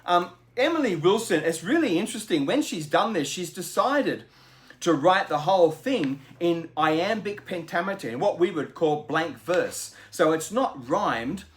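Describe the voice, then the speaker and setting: A man's voice: high voice, expressive, measured pace. A man hosting a book channel, explaining in a chatty, enthusiastic way with lots of asides. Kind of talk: casual explanatory book talk.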